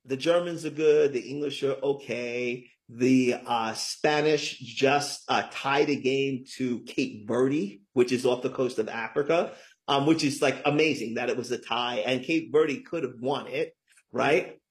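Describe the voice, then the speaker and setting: A man's voice: mid-range voice, unhurried. A middle-aged man being interviewed as an author, talking in a chatty, emphatic way and often tagging "right?" onto his points. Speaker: guest, author. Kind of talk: casual interview talk.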